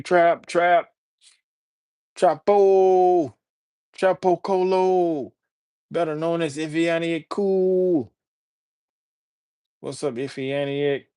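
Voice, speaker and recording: A man from Alabama talks loosely to his livestream chat, greeting viewers one after another. His voice sits at an ordinary middle pitch. The sound is dry and close, with no room around it. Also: no echo. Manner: chatty, greets and shouts out viewers by name. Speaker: livestreamer and rapper. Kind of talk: casual live-stream chat.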